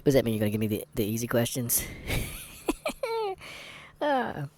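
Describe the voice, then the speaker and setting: A man's voice: on the low side, steady tone, racing, warm tone, slight background noise. A man vlogging candid commentary while taking a test, rambling, sarcastic and muttering asides to himself.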